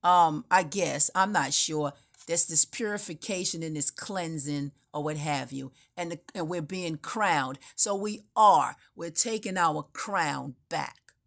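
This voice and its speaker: A woman's voice: sits low, unhurried, gravelly, fairly bright tone. A woman giving an unscripted spiritual monologue, telling her story in a meandering, emphatic way with frequent restarts. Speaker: spiritual speaker.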